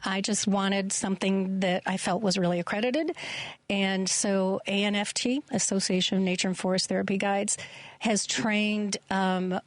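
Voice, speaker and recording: A woman's voice: medium pitch, fairly even intonation, normal speed, no room sound. Woman, radio interview guest, earnest, hesitant, dry close mic. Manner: earnest, hesitant with many ums. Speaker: guest, forest therapy guide.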